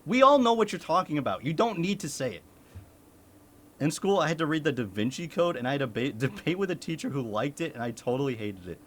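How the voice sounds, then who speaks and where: A man's voice: a little high, big pitch swings, fast, a little hiss or hum. A young man from the United States, a streamer chatting casually with his chat, laughing often and swearing.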